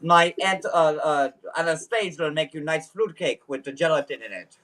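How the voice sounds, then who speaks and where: A man voicing a blunt, grumbling husband in broken English, halting and saying "like" over and over. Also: a little high, pushed and bright. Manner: halting, repeats "like" constantly.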